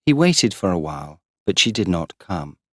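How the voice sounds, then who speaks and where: A deep-voiced man narrating a storybook for English learners, unhurried and deliberate. His pitch moves expressively through each line. The recording is dry and close. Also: sing-song, no echo. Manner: slow, deliberate, clearly paced. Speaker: audiobook narrator.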